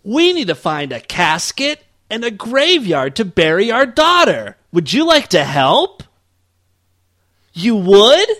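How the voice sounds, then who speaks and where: A man's voice: sits high, wildly swooping pitch, slow pace, a bit bright, no echo, studio quality, voice pushed up, full character voice. A man voicing a cheerful, callous parent bargain-hunting for a cheap casket, in a breezy sing-song. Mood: chirpy.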